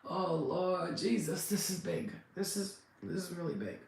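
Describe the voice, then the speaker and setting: A woman psychic medium channeling messages in a halting, repetitive, emotional way, close to tears. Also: on the low side, creaky, darkish tone. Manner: halting, repetitive, restarts words. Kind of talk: live spirit channeling session. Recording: very echoey room, faint background noise.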